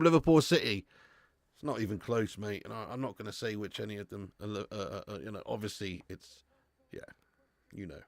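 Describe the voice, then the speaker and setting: A man's voice: medium pitch, dry recording, studio quality. A man hosting a live football watch-along, bantering with chat and swearing freely. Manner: animated banter with swearing, reads and answers chat.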